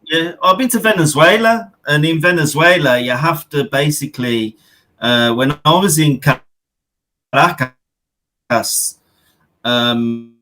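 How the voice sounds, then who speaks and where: A man's voice: fairly high pitch, slow, long pauses, pushed and bright. A British man calling in to a chat show over a weak connection, talking brashly and casually, swearing a lot and saying "bro" constantly. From United Kingdom. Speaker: caller. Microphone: remote call with a weak connection.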